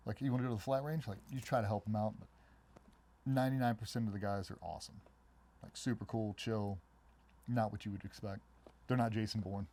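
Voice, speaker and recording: The guest, a middle-aged man formerly of the Navy SEALs, recounts stories in a laid-back interview. He talks fast and animatedly, jumping to a much higher pitch to voice other characters.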